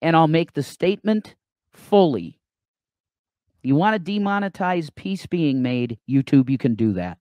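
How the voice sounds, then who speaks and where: A man's voice: fairly high pitch, lively intonation, measured pace, a little mellow, dry recording, studio quality. A man co-hosting a live call-in stream, talking emphatically and punctuating points with repeated "okay?". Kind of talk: heated live stream talk.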